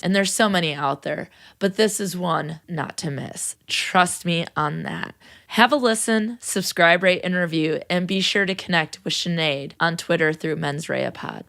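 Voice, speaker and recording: Wrapping up her podcast with casual shout-outs, a young woman from the United States thanks listeners, gushing and laughing frequently. Her voice is fairly low, gravelly, and a bit bright.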